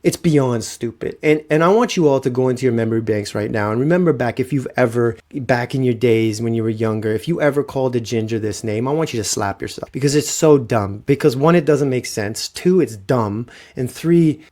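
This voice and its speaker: A man hosting a podcast, telling comic stories in an animated, profane way. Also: medium pitch, brisk, hardly any pauses. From Canada. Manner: animated, profane, rhetorical "right?". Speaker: podcast host. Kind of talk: comic storytelling.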